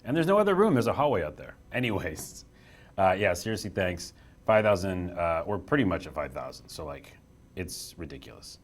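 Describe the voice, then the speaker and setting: A man's voice: low-pitched, moderate pace. A young man hosting a casual live stream from a small office room, chatty and self-deprecating as he reads the chat aloud.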